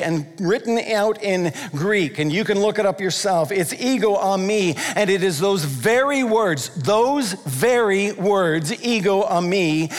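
A man preaching a sermon, emphatic and repetitive, slowing down to stress key phrases. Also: high voice. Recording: long hall reverb.

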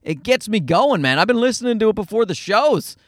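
Speaking a little fast in a high-pitched voice, a man rambles through crude, self-mocking fatherhood stories on a solo podcast recorded in his parked car. The audio is clean and studio-like, free of room sound.

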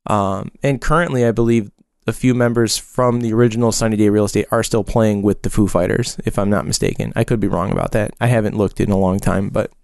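A man's voice: lowish voice, fairly even intonation, quick pace, vocal fry, few pauses, darkish tone, no room sound, studio quality. A man in his forties chatting casually on a podcast, telling a rambling story with lots of fillers and restarts. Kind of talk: casual chat.

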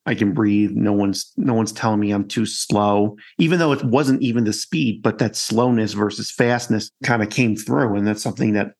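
A man from New York hosting a podcast, conversational and quick, with many fillers. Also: lowish voice, fairly even intonation, a little mellow. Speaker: podcast host. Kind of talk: podcast interview.

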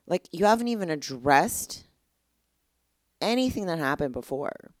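A woman's voice: low voice, animated, measured pace, pauses often, no echo, studio quality. A young woman hosting a casual solo podcast, candid and exasperated, rambling with lots of "like". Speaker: podcast host.

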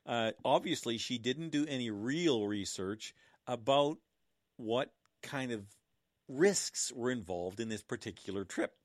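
A man's voice: mid-range voice, animated, unhurried, no room sound, studio quality. A middle-aged man telling stories in a casual monologue, with a sardonic, mocking tone and chuckling asides.

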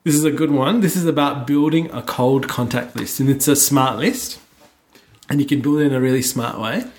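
A man hosting a podcast, casually chatting in an upbeat, brisk manner and steering the conversation. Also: medium pitch. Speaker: podcast host.

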